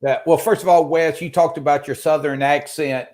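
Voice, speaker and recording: A man's voice: a little high, steady tone, normal speed, darkish tone. A man from Arkansas hosting a casual interview show, friendly and joking, asking long multi-part questions. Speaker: show host.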